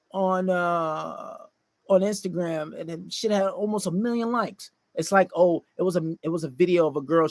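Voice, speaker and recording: A man's voice: high-pitched, dry recording. A man giving dating advice in a casual livestream monologue, blunt and profane, lecturing and acting out quoted voices.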